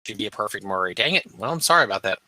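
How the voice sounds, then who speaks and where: A man chatting on a podcast in a quick, teasing and enthusiastic way. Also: on the low side, expressive, crowd noise. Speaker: podcast guest. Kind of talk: casual podcast chat.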